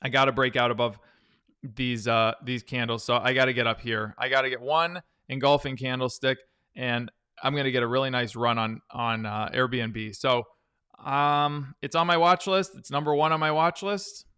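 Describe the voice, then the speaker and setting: A man's voice: mid-range voice, fairly even intonation, moderate pace, pushed and bright, clear, resonant tone. A man hosting a live stock-trading stream, chatting loosely through viewer questions and often restarting his sentences. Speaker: stock trading livestream host. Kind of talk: casual live-stream chart analysis.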